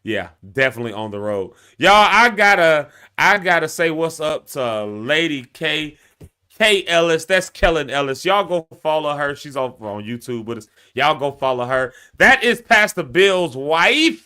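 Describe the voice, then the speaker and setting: A man's voice: a little high, normal speed, clean tone. A man in his thirties hosting a live-stream show, chatting casually with viewers, laughing often. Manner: animated, laughing, talks straight to viewers.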